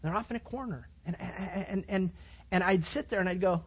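A man preaching a sermon as a pastor, telling stories in an animated way, repeating phrases and acting out what people said. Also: high-pitched, fairly quick, breathy edge, lo-fi sound. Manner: animated storytelling, repeats phrases and acts out quotes.

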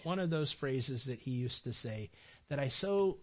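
A middle-aged man and pastor preaching a sermon in a church sanctuary, animated and emotional, repeating phrases for emphasis. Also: medium pitch, a little slow.

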